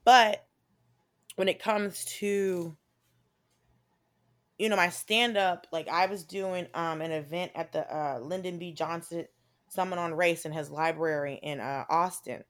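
A woman's voice: fairly low pitch, steady tone, measured pace. A woman comedian from the American South in her thirties, with a Southern accent, telling stories animatedly in a casual chat, swearing freely and acting out quotes. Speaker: comedian guest.

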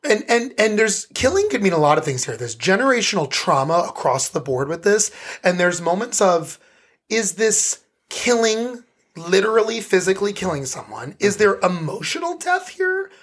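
Husky-voiced man chatting about theater. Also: high-pitched, big pitch swings, moderate pace, a bit bright. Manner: enthusiastic, thoughtful, many restarts. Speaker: podcast co-host. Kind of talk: casual theater review chat.

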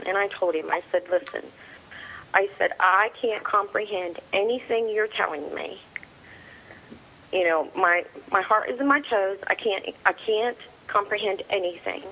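A middle-aged woman with a voice of ordinary pitch speaks as an interviewee. She recounts events in plain words and acts out each exchange as quoted dialogue. She hesitates often, with fillers and restarts. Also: fairly bright tone, rough recording. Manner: halting, with frequent fillers and restarts. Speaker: interviewee, a soldier's mother. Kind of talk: personal storytelling.

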